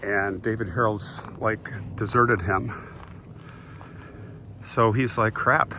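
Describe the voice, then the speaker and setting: Brief: man narrating history, lively delivery, slips into quoted lines, faint noise behind. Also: fairly low pitch, takes it slowly. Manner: animated, acts out quotes in passing. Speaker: history storyteller. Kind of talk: casual dramatic retelling.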